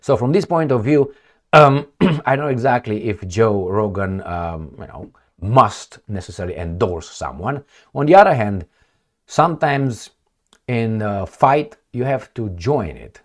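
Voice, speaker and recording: A man's voice: on the low side, animated, measured pace. A man giving solo commentary on news stories, reading headlines aloud and answering them in a blunt, sarcastic way. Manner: blunt, sarcastic, reads headlines then rants. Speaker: political commentator.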